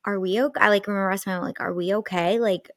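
A woman's voice: medium pitch, steady tone, fast, a bit bright, no room sound, clean studio sound. A young woman casually telling a personal ghost story, chatty, full of fillers and swearing.

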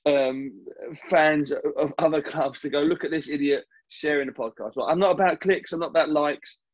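A man's voice: medium pitch, dry recording, muffled recording. A man hosting a casual solo podcast from home, talking frankly and rambling a little. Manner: rambling, self-aware, frank. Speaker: podcast host. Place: home, at night. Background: neighbour's car revving.

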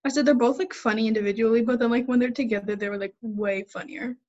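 A woman's voice: on the high side, steady tone, fast talker, a little mellow. A young woman co-hosting a podcast in casual chat, giggly and teasing. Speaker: podcast co-host. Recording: dull lo-fi sound.

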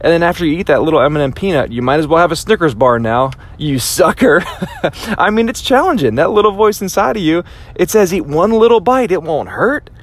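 A man's voice: fairly high pitch, animated, brisk. Emphatic man giving a motivational talk. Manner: emphatic, repeats phrases for impact, acts out inner voices. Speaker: motivational speaker. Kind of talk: motivational speech.

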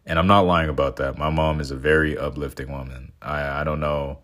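A man's voice: rumbling low, steady tone, fairly quick, a bit bright. A twenty-year-old man in casual, reflective talk, earnest and sentimental, rambling with many fillers and restarts.

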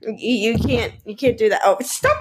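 A woman's voice: a little high, moderate pace. A woman co-hosting a casual podcast, giggling often and protesting with exaggerated quotes. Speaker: podcast co-host. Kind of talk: casual chat.

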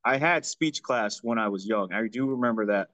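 A man born in Jamaica who grew up in the United States and has no Jamaican accent. He is a podcast guest giving relaxed, somewhat hesitant replies. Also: lowish voice, moderate pace, no echo. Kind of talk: casual chat.

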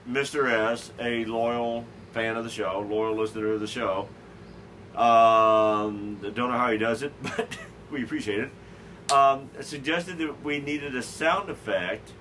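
A man's voice: medium pitch, bright, forceful tone, a little hiss or hum, poor audio. A man hosting a casual talk show, rambling with lots of stammered restarts and fillers. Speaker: podcast host. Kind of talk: casual chat.

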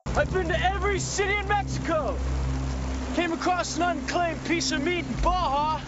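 A cool taunting hunter over a roaring boat engine. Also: male voice, very high voice, normal speed, very noisy. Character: a man coolly taunting a long-hunted rival. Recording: muffled film clip with loud boat engine.

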